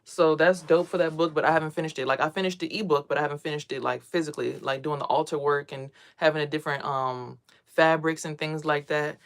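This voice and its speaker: A young adult woman, a spiritual vlogger, talking casually and bluntly to camera with lots of swearing, getting louder as she gets worked up. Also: low voice, quick pace. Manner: blunt, profane, ranting; animated, swings louder when worked up.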